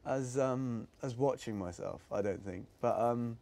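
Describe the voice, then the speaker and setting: Young man, English, interview guest, casual, rambling, laughs easily, mid-pitched voice. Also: measured pace, vocal fry, mellow. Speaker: actor guest.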